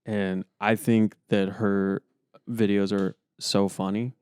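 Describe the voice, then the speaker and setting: Low smooth-voiced casual podcast guy. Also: flat delivery, slow, a little mellow, dry recording. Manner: rambling, full of fillers. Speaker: podcast co-host. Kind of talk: casual chat.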